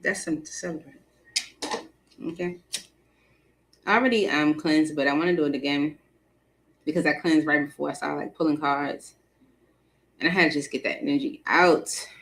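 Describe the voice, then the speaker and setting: A woman hosting a live tarot stream, chatting casually with viewers, animated and laughing often, with features. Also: deep voice, moderate pace, pauses often. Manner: animated, laughs often, talks to the chat directly.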